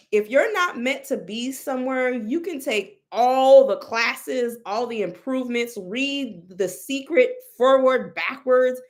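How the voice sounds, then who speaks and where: A young woman telling a story in a casual, expressive way, exclaiming and mimicking others, with many restarts. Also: high voice. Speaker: storyteller recounting a reading.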